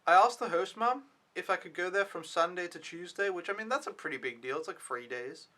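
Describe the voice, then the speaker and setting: A man's voice: high-pitched, expressive, brisk, sharp tone. A young man recapping his week as an au pair in a casual, rambling vlog, swearing now and then when annoyed. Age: young adult. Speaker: au pair vlogger.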